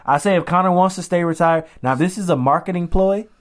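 A young adult man co-hosting a podcast in casual chat, slangy and animated, often quoting others in voices. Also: high voice, fairly quick. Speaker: podcast co-host.

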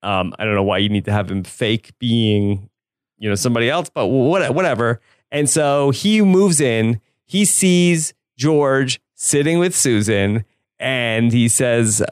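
A man co-hosts a podcast, walking through a sitcom episode scene by scene in a laid-back way. His voice is smooth and resonant. The recording is dry and close. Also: mid-range voice, unhurried, dry recording. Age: adult. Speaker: podcast co-host. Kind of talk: casual chat recapping a sitcom episode.

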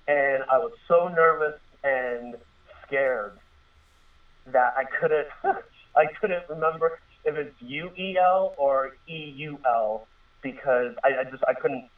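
A man's voice: medium pitch, takes it slowly. A man in his thirties telling a personal story in a casual, earnest way, rambling with fillers and restarts. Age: 30s. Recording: tinny distant phone-line radio sound.

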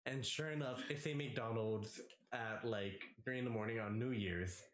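A man's voice: medium pitch, normal speed. Young man swearing through a story. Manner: profane, animated, voices the people in his story. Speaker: podcast co-host. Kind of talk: casual storytelling chat. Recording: roomy echo.

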